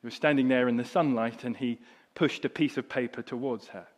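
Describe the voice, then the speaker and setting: A middle-aged man preaching a sermon, telling a story that drops soft and low and then rises loud and high. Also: steady tone, a little fast. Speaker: pastor.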